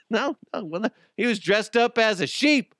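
A man's voice: high voice, expressive, moderate pace, a bit bright, no echo, studio quality. A man hosting a comedy podcast, ranting crudely and mocking people while laughing at his own jokes. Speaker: podcast host.

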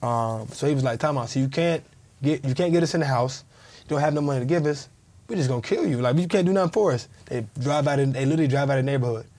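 With a quick pace and darkish tone at medium pitch, a former professional football player in his thirties recounts a tale as a podcast guest. It's casual talk, and he vividly acts out every bit of quoted speech.

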